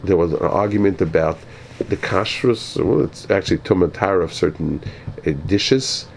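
A man teaching a Torah lecture as a rabbi, speaking in a halting way with many repeated words and pauses. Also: fairly low pitch, darkish tone, slight background noise, rough recording.

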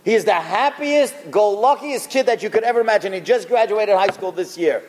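A rabbi delivers a storytelling sermon with a high, lively voice that leaps around as he talks. He is recorded in a large hall with a long, ringing reverb trailing each phrase. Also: brisk. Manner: animated, expressive storyteller.

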